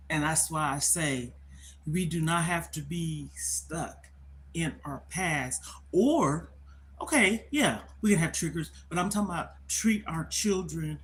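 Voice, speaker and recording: An older woman, talking emphatically on a livestream, often repeating herself and circling back to her point. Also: deep voice. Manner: emphatic, repetitive, conversational. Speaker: livestream host. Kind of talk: casual livestream storytelling.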